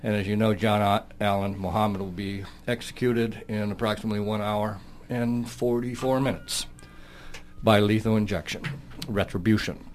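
A man's voice: fairly low pitch, fairly even intonation, moderate pace, a little hiss or hum. A man co-hosting a political talk radio show, making his case emphatically and pressing questions on the others.

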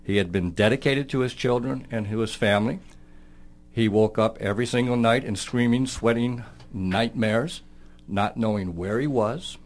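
A man's voice: mid-range voice, moderate pace. Emphatic man on political talk radio. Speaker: talk show co-host.

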